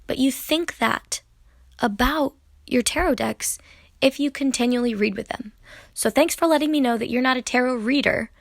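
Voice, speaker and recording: A young woman delivers an exasperated vlog rant, addressing the camera head-on with blunt indignation. Her slightly high voice carries a gravelly fry. The sound is dry and close, with no room echo. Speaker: tarot YouTuber. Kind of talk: ranting vlog commentary.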